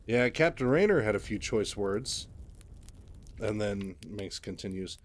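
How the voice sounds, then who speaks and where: Male host narrating game lore: relaxed, chatty, unpolished. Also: fairly low pitch, unhurried. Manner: loose, chatty, frequent fillers. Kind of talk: casual retelling of game lore.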